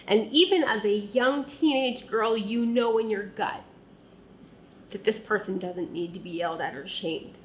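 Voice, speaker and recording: A woman recounts her own past, speaking straight to the listener as "you". Her voice sits at an ordinary pitch and moves at a slow, unhurried pace. She sounds earnest and often sinks into a soft, quiet tone. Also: slight background noise. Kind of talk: reflective second-person personal narration.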